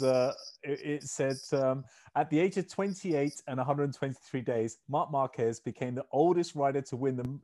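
A man hosting a casual motorsport chat, joking with his co-host. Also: mid-range voice. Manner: jokey, lively. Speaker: show host.

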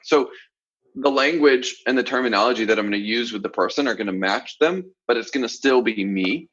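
A man from the Southern US coaching confidently in a casual podcast chat, with animated asides. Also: fairly low pitch, husky, muffled recording. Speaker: sales coach, podcast co-host.

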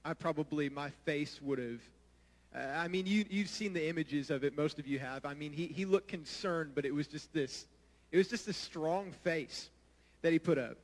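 An earnest man delivers a sermon, his fairly high voice ringing out with a long hall reverb behind it. He talks straight to the congregation, pressing them with questions. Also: normal speed. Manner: earnest, asks the audience direct questions. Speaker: pastor.

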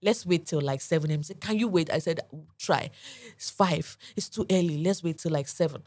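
Woman, 30s, podcast co-host, animated storyteller, lowish voice. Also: a little fast. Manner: lively storyteller acting out quoted dialogue. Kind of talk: casual storytelling chat.

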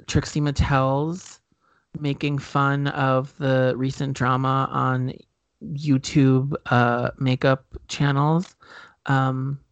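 A man's voice: mid-range voice, fairly bright tone, clear, resonant tone, dry recording. A man co-hosting a podcast in casual chat, rambling with many fillers and self-corrections. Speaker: podcast co-host.

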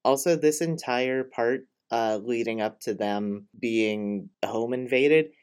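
A man's voice: medium pitch, slow pace, a little mellow, clear, resonant tone. A young man co-hosting a podcast, sardonic and blunt, swearing freely while recapping a movie. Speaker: podcast co-host. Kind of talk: casual movie recap chat.

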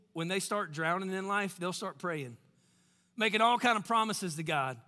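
A man preaching a sermon in a church, very animated, swinging between loud bursts and hushed lines and acting out quotes. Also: high voice, long reverb tail. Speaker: pastor.

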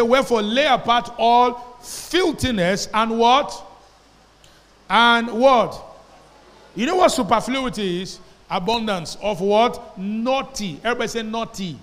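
High-voiced pastor preaching in a hall. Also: male voice. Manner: storytelling, calls congregation to repeat phrases. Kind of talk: sermon. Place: church hall. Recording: long hall reverb.

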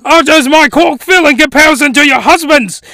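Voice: high voice, fairly quick, sharp tone, no room sound, pitched above the performer's own voice. A player voicing a smug, pushy grown man with a put-on Southern drawl, reading an adult visual novel aloud. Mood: taunting.

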